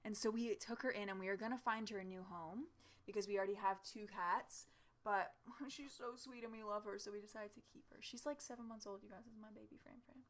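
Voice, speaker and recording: A woman telling a story in a casual home vlog, chatty and animated, with lots of fillers and laughter, sitting at home in front of her camera. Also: medium pitch, fairly quick. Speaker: vlogger. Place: home, seated in a chair with her cat.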